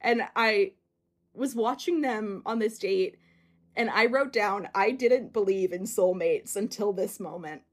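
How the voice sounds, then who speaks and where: A woman's voice: medium pitch, unhurried. Giggly woman recapping a show. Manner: giggly, acts out quotes with animated voices. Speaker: podcast co-host. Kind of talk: casual chat recapping a reality show.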